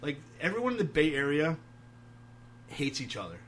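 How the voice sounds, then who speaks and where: Male guest from New York, casual storyteller, profane and animated, with faint noise behind him. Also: fairly high pitch, moderate pace. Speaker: guest, metal band singer.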